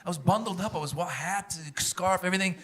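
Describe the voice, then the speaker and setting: A man from the Middle East doing a stand-up comedy set on stage, animated and quick to slip into exaggerated voices. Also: sits high, very noisy. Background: audience laughter.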